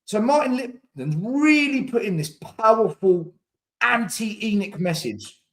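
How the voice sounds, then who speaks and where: A man's voice: high voice, expressive, unhurried, a bit bright. A man, hosting a podcast, arguing heatedly in casual debate and repeating words when he gets pressed. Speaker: podcast host.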